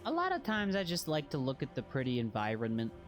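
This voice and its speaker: A man's voice: mid-range voice, huge pitch swings, quick pace, soft background music. A man casually chatting while streaming a video game, rambling and joking at his own expense. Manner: rambling, self-deprecating, jokey. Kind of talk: casual gameplay chat.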